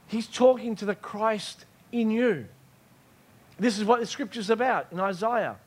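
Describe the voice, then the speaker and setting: A male preacher with a strikingly high voice delivers his sermon emphatically. He circles back on key lines and keeps checking that the room is following him. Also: a little slow, darkish tone. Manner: emphatic, repeats key phrases, checks in with listeners.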